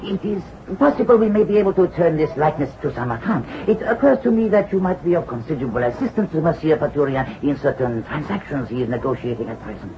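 A suave, insinuating go-between who speaks formally and politely in a somewhat high voice that lifts and dips. The old radio drama recording sounds dull and faintly hissy. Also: male voice, lively intonation, fast talker, hardly any pauses. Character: smooth male associate of a financier. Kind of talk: vintage radio drama acting.

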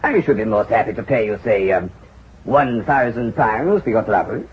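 An actor playing a flamboyant, smooth-talking financier in a vintage radio drama, expansive and persuasive. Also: male voice, lowish voice, moderate pace. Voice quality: expansive, persuasive, lively intonation. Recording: dull old radio drama recording.

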